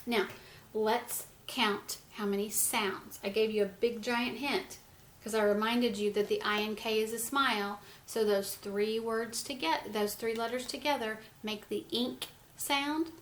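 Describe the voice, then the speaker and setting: A woman teaching a phonics lesson to young children, sounding out words letter by letter and gently encouraging them. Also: fairly high pitch, steady tone, unhurried, a little hiss or hum. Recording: echoey room with faint ambience.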